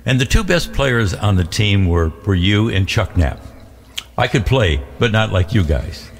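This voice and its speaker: An older man, a veteran radio DJ, tells stories in a halting, animated way during a casual studio chat. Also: lowish voice, vocal fry, big-room sound.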